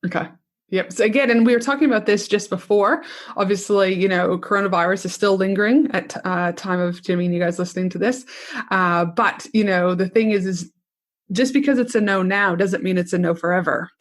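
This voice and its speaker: A woman's voice: mid-range voice, a little fast. Chatty woman podcast host. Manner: enthusiastic, chatty, repeats "do you know what I mean". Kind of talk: conversational interview.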